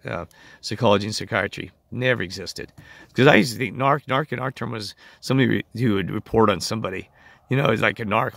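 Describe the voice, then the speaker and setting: A man's voice: on the low side, gravelly, a bit bright, no echo. A man hosting his own channel, talking in an emphatic, rambling monologue full of fillers and restarts. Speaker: channel host.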